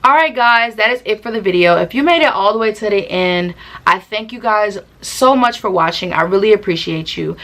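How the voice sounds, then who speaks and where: A young woman vlogger, telling a storytime tale in a casual, animated, slangy way with laughing asides. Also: mid-range voice, brisk.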